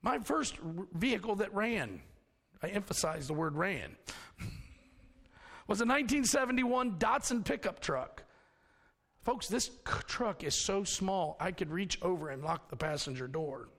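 A man preaching a sermon, with a high, gravelly voice that swings widely in pitch. He tells homely stories and chuckles at his own jokes, and his voice rings with long reverb. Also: animated, measured pace, a bit bright. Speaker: pastor.

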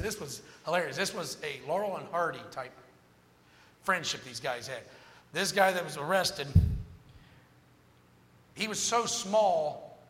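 A man telling a humorous personal story as part of a sermon, jumping between jokes and moral lessons. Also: fairly high pitch. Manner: animated, joking anecdotes with moral lessons. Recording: long reverb of a large hall.

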